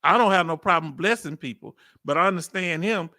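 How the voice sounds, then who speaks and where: A lively man with a Texas accent talks back at a clip in a high, bright, forceful voice. His commentary is slangy and animated, full of laughter. The sound is close and dry. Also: a little fast, no echo. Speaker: reaction video host. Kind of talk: reaction commentary.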